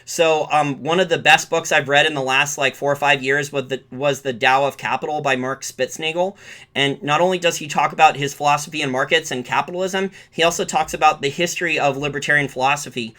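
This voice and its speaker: A man's voice: a little high, steady tone, a little fast, sharp tone. A man hosting a live-streamed finance show, giving loose market commentary that often restarts mid-sentence and corrects itself. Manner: rambling, restarts and corrects himself.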